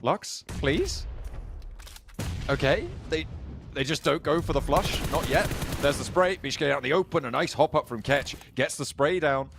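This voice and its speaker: A man casting an esports match, calling the action in quick, bantering play-by-play. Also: fairly high pitch, creaky, fairly bright tone. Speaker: esports caster. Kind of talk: play-by-play commentary. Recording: faint game noise behind.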